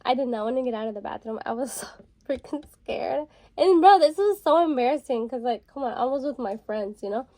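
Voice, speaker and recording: A woman's voice: high voice, lively intonation, a little fast, dark tone, no room sound. A young adult woman vlogger telling a story in a casual, rambling way, full of fillers. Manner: chatty, rambling, filler-heavy with frequent "like". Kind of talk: casual storytelling while getting ready.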